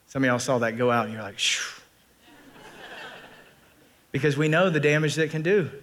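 A man preaching a sermon as pastor, animated and folksy, often repeating phrases and joking with the congregation. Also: fairly high pitch, fast talker, slight background noise.

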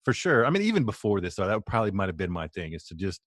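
A middle-aged man co-hosting a podcast, chatting casually in a relaxed way and laughing easily. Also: sits low, very fast, dry recording, clean studio sound. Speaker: podcast co-host. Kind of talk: casual chat.

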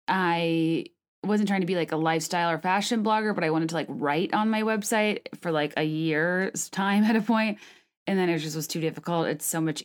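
A woman in her late twenties with a slightly low voice talks quickly and casually, using lots of filler "like"s. She then reads her own blog post aloud in a conversational monologue. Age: late 20s. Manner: fast-talking, many filler "like"s.

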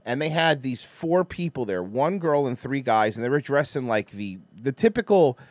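A man hosting a podcast, telling a long story in casual chat, rambling and profane with lots of fillers and restarts, swinging between muttered asides and loud bursts. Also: medium pitch, very animated, normal speed, no echo. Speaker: podcast host.

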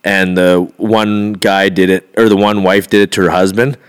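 A man's voice: low voice, level tone, moderate pace, clear, resonant tone. A man co-hosting a podcast, telling stories in casual chat, acting out quotes, swearing and laughing often. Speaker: podcast co-host.

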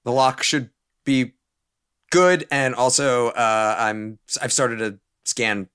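A man plays a tabletop role-playing game in a smooth, resonant voice. He speaks haltingly, with restarts and pauses as he works out what his character does. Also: mid-range voice, steady tone, a bit bright. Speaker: player. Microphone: remote recording.

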